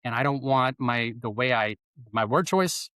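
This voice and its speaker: A man's voice: medium pitch, moderate pace, bright, forceful tone, smooth, no echo. A man who is a guest on a podcast interview, explaining ideas plainly and using spoken examples. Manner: explanatory, gives examples by stressing words.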